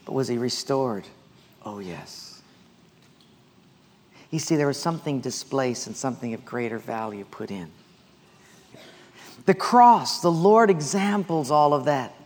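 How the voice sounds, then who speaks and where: A man's voice: medium pitch, expressive, unhurried, long pauses, big-room sound. A man preaching a sermon, telling stories and asking the congregation questions to answer aloud. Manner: storytelling with call-and-response questions. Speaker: pastor.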